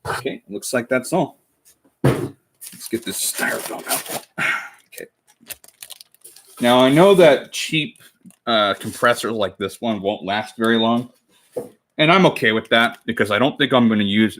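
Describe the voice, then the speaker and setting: A young man in his twenties chats with his viewers while he works on crafts at home, often stopping to correct himself. His voice is bright and sits somewhat low, and a faint noise runs under the recording. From United States. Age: 20s. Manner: rambling, self-correcting, chatty with viewers. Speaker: cosplay livestreamer. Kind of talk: casual livestream chat while crafting.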